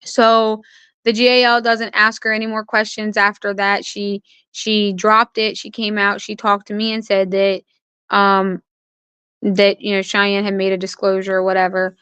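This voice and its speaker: A woman's voice: mid-range voice, little pitch movement, unhurried, sharp tone, smooth, no room sound. A young adult woman, an interview guest, earnestly recounting personal events and quoting what others said. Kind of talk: personal account in conversation.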